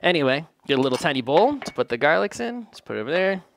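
A man's voice: a little high, very animated, fast talker, gravelly, fairly bright tone, a little hiss or hum. A man casually narrating his home cooking in a kitchen, rambling and joking at his own expense. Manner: joking, rambling, self-deprecating. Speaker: home cook vlogger.

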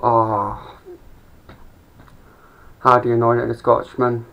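A young Englishman with a gravelly, fry-laden voice rambles through a stand-up routine, swearing freely and mumbling asides. The sound is dull and lo-fi, like a cheap home setup. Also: mid-range voice, monotone, slow, fairly bright tone. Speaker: amateur comedian.

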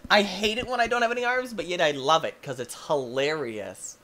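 A young man hosting a gaming video, giving goofy, excitable let's-play commentary that breaks into yelps and shouts. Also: high-pitched, measured pace, pauses often, faint music behind.

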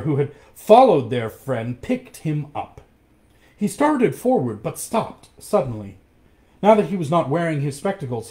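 A man reading a storybook aloud, expressive and acting out each character. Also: fairly high pitch.

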